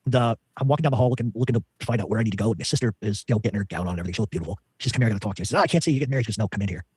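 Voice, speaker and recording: Fast-talking rambling man, husky voice. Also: lowish voice, darkish tone, dry recording. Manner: fast rambling storyteller with many fillers. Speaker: interview guest. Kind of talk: rambling story in an interview.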